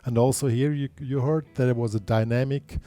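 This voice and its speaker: A man's voice: mid-range voice, steady tone, fairly quick, dark tone. A man teaching a guitar lesson, explaining patiently step by step and counting beats aloud.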